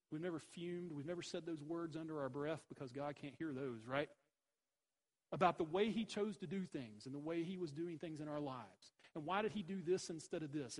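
A man's voice: a little high, breathy edge, low-quality recording. A man preaching a sermon, emphatic, with rhetorical questions and repeated phrases. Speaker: pastor.

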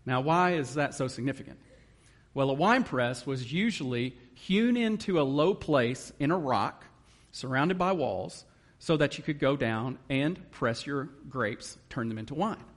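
A man's voice: medium pitch, animated, measured pace. A man preaching a sermon in an earnest manner, reading scripture and explaining it. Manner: earnest, emotional at times, reads scripture aloud. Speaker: guest preacher.

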